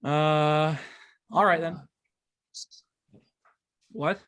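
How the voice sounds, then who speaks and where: A man's voice: fairly high pitch, fairly even intonation, very slow, a bit bright, smooth. A man hosting a casual gaming podcast, rambling with lots of fillers and stumbling over his words, swearing when he loses track. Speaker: podcast host.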